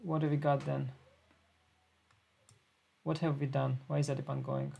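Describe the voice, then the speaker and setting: A man's voice: mid-range voice, flat delivery, moderate pace, gravelly, mellow, husky. A laid-back man thinking aloud as he plays an online chess simul on a live stream. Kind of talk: live-stream commentary while playing.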